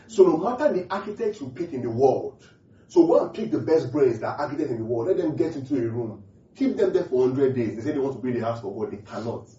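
A man preaching a sermon, asking the congregation questions and driving points home by repeating phrases. His voice is dark and mellow. It is picked up from a distance in a roomy, echoey hall on a muffled recording. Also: mid-range voice. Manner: call-and-response questions to the congregation; repeats key phrases emphatically. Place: church hall.

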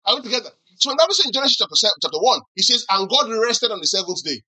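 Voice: medium pitch, lively intonation, very fast, pushed and bright, slightly rough, poor audio. A pastor preaching a sermon who keeps asking the congregation questions to answer back and teases them with acted-out examples. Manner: teasing humor with acted-out examples.

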